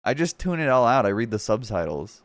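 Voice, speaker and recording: A man's voice: mid-range voice, very animated, fairly quick, no room sound. A man streaming casual reaction commentary, mocking and swearing freely, laughing often between remarks.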